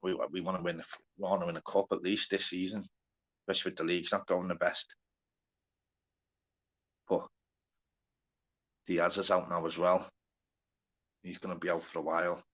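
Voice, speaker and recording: A man's voice: low voice, level tone, moderate pace, pauses often, fairly bright tone. Chatty Liverpool-accented man, lo-fi. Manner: chatty, sweary, greets viewers by name. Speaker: livestream host. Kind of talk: casual live stream chat.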